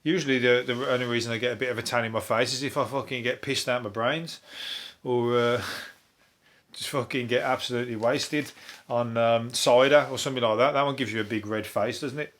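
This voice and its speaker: A man with a Birmingham accent riffs through the news as a comedian host. He swears freely, laughs at his own jokes and drifts from one tangent to the next. His voice sits at an ordinary middle pitch. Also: steady tone, fairly quick, fairly bright tone. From Birmingham, England. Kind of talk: rambling comic news monologue.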